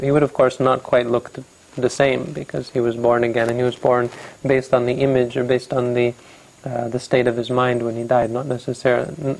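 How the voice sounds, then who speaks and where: Gravelly, halting Buddhist storyteller man. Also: mid-range voice, darkish tone, poor audio. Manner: halting, self-correcting, reflective. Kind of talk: storytelling dharma talk.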